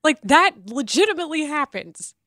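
A woman from Texas co-hosting a sports podcast in casual banter, animated and wry. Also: high-pitched, moderate pace, no echo, studio quality. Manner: animated, wry, laughing often. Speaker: podcast co-host.

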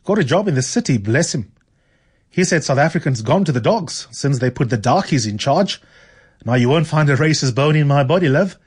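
Guy reading out a nosy middle-aged landlady, chatty and pushy, kinda husky. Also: fairly high pitch, animated, fairly quick. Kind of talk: reading a novel aloud on radio.

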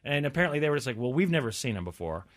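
A man's voice: medium pitch, rapid-fire. A man co-hosting a casual podcast chat, telling a story and quoting the people in it. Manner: storytelling, quotes others in lively voices. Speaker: podcast co-host.

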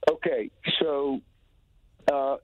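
Over a dry, tinny phone line, a Southern man from Tennessee, a touring musician, chats in a casual call-in radio interview. His mid-range voice holds a steady tone and draws out words as he rambles eagerly, often starting over.

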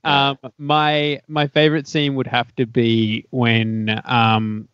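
A man's voice: medium pitch, little pitch movement, slow, a bit bright, clean tone, no room sound. Sarcastic guy chatting on a podcast, dry close sound, kinda muffled lo-fi. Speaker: podcast guest. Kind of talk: casual chat among friends.

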